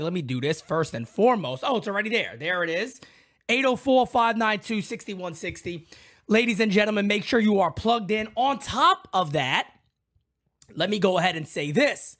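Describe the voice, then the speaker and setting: A young man hosts a live reaction stream with loud, excitable energy. His pitch leaps up and down as he shouts out names from his chat.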